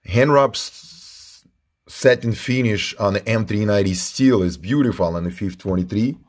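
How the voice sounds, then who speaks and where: Low-voiced man reviewing knives. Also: measured pace. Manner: informal, repeats himself while handling the knife. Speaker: knife reviewer. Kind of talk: casual product review.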